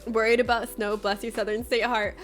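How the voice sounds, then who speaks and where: A young woman streamer chatting casually with her viewers, bubbly and laughing often as she greets them by name. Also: on the high side. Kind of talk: casual livestream chat with viewers.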